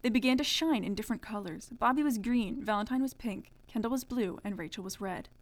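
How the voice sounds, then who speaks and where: A woman's voice: fairly high pitch, fairly quick. A woman co-hosting a casual podcast, reading a childhood story aloud with mock-dramatic voices and dry asides. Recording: lo-fi podcast audio.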